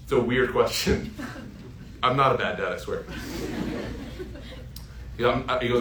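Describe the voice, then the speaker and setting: A man in his thirties preaches with heartfelt storytelling, building his points to emphatic peaks. His voice sits at a middle pitch and rings in a roomy echo, with faint background noise. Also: unhurried, long pauses, a bit bright. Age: 30s. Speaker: Islamic preacher. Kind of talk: sermon.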